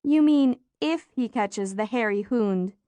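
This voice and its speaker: A woman voicing a spirited, sharp-tongued young girl in an audiobook. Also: on the high side, slow pace, clean tone, no echo, dull audio. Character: spirited young girl, quick to tease and scold. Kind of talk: audiobook character voice.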